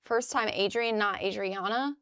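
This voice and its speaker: A woman's voice: medium pitch, moderate pace, a bit bright, smooth, no room sound, studio quality. A young woman from the US Midwest, chatting loosely with her live chat as a streamer and swearing casually. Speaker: livestreamer. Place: indoors at a crafting desk.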